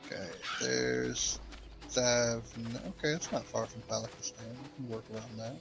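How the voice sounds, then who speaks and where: A man's voice: medium pitch, fairly even intonation, moderate pace, gravelly, fairly bright tone, low-quality recording. A man joking around sarcastically with friends during a game session. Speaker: player in group chat. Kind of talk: casual gaming chat. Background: game music.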